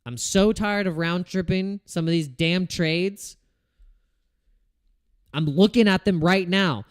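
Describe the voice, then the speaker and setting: A man's voice: high voice, takes it slowly, smooth, no room sound, clean studio sound. A man hosting a casual livestream about trading, ranting in frustration, swearing and restarting his sentences. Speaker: crypto trading livestream host.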